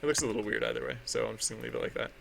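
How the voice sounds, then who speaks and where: A man's voice: lowish voice, wildly swooping pitch, rapid-fire, creaky, fairly bright tone, a little hiss or hum. A man chatting casually on a livestream while he draws, rambling with lots of fillers and restarts and laughing at himself. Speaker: artist streaming his drawing.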